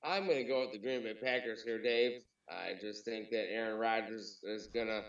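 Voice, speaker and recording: A man talks sports in a relaxed, joking way and often restarts his sentences. He sits far from the mic, so the room echoes around him. The sound is dull and lo-fi. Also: on the low side, normal speed, few pauses. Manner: joking, relaxed, hesitant starts. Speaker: co-host. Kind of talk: casual sports talk. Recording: distant roomy lo-fi mic.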